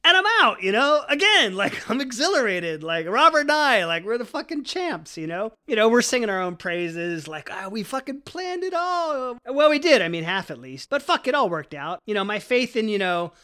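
A man telling a personal story in an animated, rambling way, full of "like" and "you know", swearing and acting out voices. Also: high-pitched, moderate pace, few pauses, clear, resonant tone. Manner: animated, lots of likes and you knows, swearing, acts out voices.

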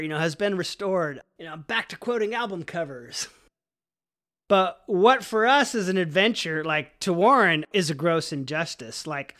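Man, animated storyteller, lively swooping pitch, bright voice, rambling, profane. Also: normal speed. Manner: animated, lots of likes and you knows, swearing, acts out voices. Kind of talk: personal storytelling.

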